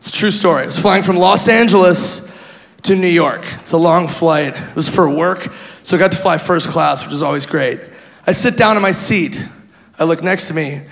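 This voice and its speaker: High gravelly comedian in a reverberant hall. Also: male voice, normal speed. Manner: animated, self-mocking, breaks into laughter. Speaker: stand-up comedian. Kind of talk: stand-up storytelling. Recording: live hall reverb, faint noise.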